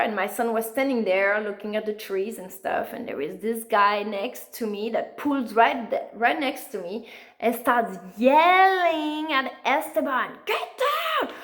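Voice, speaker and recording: A woman, an author being interviewed, talking earnestly in a conversational way with frequent fillers. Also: medium pitch. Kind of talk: conversational storytelling.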